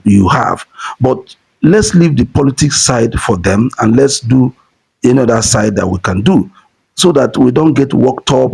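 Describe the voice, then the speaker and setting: A man's voice: medium pitch, creaky, a little mellow, slightly rough. A man with a Nigerian accent giving earnest political commentary to supporters, repeating points for emphasis. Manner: earnest, repetitive, building to emphasis.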